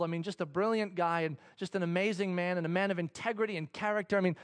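Animated, high-voiced preacher man. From Africa. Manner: animated storytelling, acting out dialogue. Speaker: pastor. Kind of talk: sermon.

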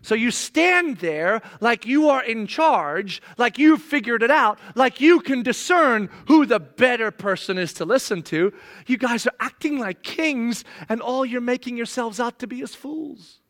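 A middle-aged man preaching a sermon, animated, slipping into sarcastic mock voices as he reads. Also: very high voice, unhurried. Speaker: pastor.

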